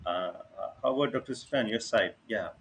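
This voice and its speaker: A man's voice: on the low side, fairly quick, fairly bright tone, slight background noise. A man running an online workshop, talking casually with many fillers and often checking that listeners follow. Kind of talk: casual live teaching over screen share. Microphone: video call.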